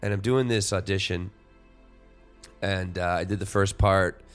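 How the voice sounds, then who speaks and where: A man's voice: low voice, fairly even intonation, measured pace, faint music behind. A man in his forties hosting a solo podcast, talking reflectively and rambling with lots of "you know" fillers and restarts. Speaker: podcast host.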